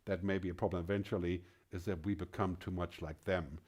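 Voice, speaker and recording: A man's voice: low-pitched, steady tone, fairly quick, a little mellow. A middle-aged man giving a conference keynote, emphatic and fond of rhetorical questions. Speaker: keynote speaker.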